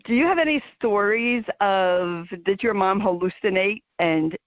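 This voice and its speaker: A woman's voice: mid-range voice, a little slow, no room sound. A woman hosting an interview, asking her guest questions in an encouraging way, on a dull, dry recording. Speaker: show host.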